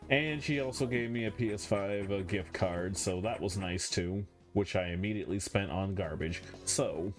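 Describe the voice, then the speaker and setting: A man streams a game from his room at home, chatting in a rambling, self-mocking way over game music. His voice is low, at a normal speed, with hardly any pauses.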